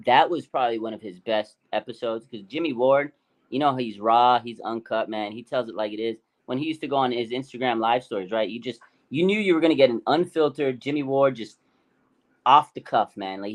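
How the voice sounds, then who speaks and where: A man co-hosting a sports talk show, chatting excitedly and acting out quotes with big swings in his voice. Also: medium pitch. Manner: animated, hyped, acts out quotes. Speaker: podcast co-host. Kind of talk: excited casual sports chat.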